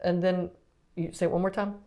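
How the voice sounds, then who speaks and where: A woman's voice: on the low side, little pitch movement, brisk, mellow. Woman therapist asking hesitant questions. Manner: hesitant, many ums and restarts, asks questions. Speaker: pediatric physical therapist teaching. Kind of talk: casual spoken lesson.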